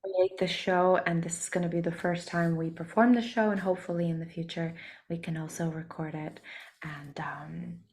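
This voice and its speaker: A woman singer with a hoarse voice from a cold, speaking softly with many pauses in a casual interview. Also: fairly low pitch, fairly even intonation. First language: Russian. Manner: soft-spoken, many ums and pauses. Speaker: singer and musician, interview guest.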